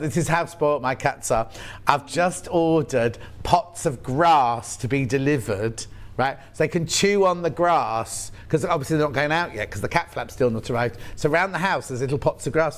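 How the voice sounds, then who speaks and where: A man's voice: medium pitch, brisk. A man with a Yorkshire accent presenting live on a shopping channel, chatty and playful with jokey asides.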